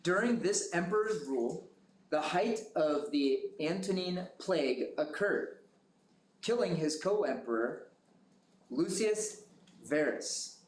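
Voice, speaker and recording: A man moderating a school quiz bowl, reading questions slowly and carefully. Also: on the high side, animated. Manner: slow, measured question reading. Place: school classroom. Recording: echoey room with noise.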